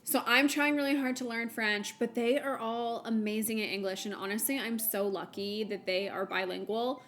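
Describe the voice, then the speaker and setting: Young American woman, giggly stream chatter, bright and fairly high voice. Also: fairly even intonation, normal speed. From United States. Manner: chatty, giggly, lots of fillers. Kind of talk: casual chat while gaming, reading chat.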